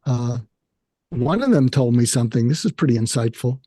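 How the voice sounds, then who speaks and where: An older man with an American accent, a psychiatrist speaking candidly and haltingly about his own feelings in an interview. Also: mid-range voice, expressive, warm tone, dry recording, clean studio sound. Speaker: guest, psychiatrist. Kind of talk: emotional personal conversation.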